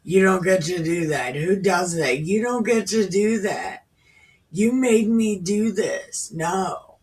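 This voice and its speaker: A woman's voice: medium pitch, slow, a little mellow, natural voice. A woman doing an outraged young princess. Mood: indignant. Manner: pleading, scolding in modern slang. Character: wronged young princess, indignant and hurt. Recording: distant from the mic.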